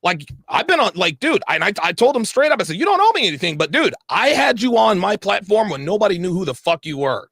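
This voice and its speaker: A man's voice: sits high, a little fast, gravelly, hardly any pauses, slightly rough, dry recording, studio quality. A man heatedly retelling an argument in a clip, swearing freely and restarting his sentences often. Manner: animated, repetitive restarts, profane. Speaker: online commentator.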